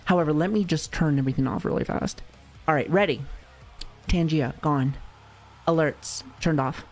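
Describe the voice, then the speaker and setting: Soft music plays behind a woman streamer whose voice sits low and a little mellow, delivered at normal speed. Chatting casually with her audience, she giggles, laughs often, and swears mildly in a playful way.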